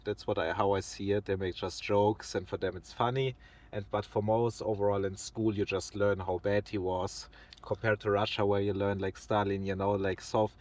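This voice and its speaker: A man's voice: on the low side, flat delivery, normal speed, darkish tone. A man in his twenties, guest on a podcast, talking earnestly and stopping now and then to search for words. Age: 20s. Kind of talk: casual interview conversation.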